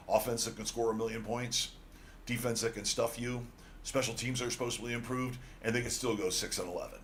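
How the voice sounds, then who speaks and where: Lower-voiced man arguing football picks. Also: a bit bright, a little hiss or hum. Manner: blunt, teasing, argumentative. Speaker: sports radio co-host. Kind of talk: casual sports betting chat.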